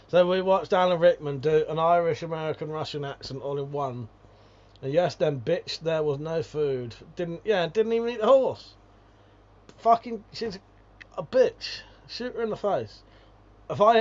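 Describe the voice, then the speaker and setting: British streamer guy reading chat, swears a lot, kinda high pitched, muffled lo-fi sound. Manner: profane, ranting, laughs often. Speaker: livestreamer. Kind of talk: casual livestream chat, reading viewer comments.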